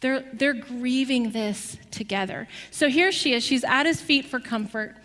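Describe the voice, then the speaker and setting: A woman preaching a sermon, telling a story with lively rhetorical questions to her listeners. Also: high-pitched, measured pace, in a large hall.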